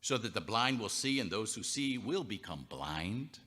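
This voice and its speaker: A man doing a calm, wry teacher. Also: fairly low pitch, moderate pace, heavily acted. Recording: reverberant chapel hall.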